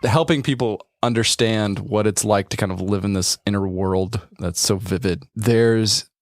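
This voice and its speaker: A man co-hosting a podcast in casual chat, playful and teasing, quick to laugh. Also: on the low side, no echo, studio quality. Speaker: podcast co-host.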